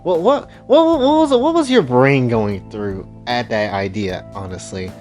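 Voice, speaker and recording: A man's voice: mid-range voice, animated, a little slow, darkish tone, dull audio, close to an everyday voice. Blunt teasing young woman, guy reading her lines, pushy questions, faint music behind.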